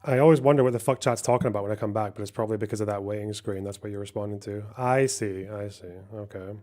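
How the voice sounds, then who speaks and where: A man's voice: on the low side, quick pace, a little mellow. Rambling, profane male streamer. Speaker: livestream host. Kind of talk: casual livestream chat.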